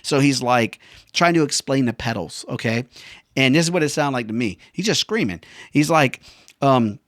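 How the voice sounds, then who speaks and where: A veteran man tells a personal story in a loose, casual monologue. He talks in slang and curses freely, calling the listener bro and man. His mid-pitched voice sounds dry and close. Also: lively intonation, normal speed, no room sound. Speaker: veteran vlogger.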